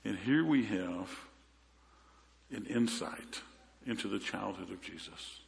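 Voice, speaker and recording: Pastor preaching in a reverberant hall. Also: male voice, lowish voice, expressive, takes it slowly, gravelly. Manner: conversational storytelling with repeated restarts. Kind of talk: sermon.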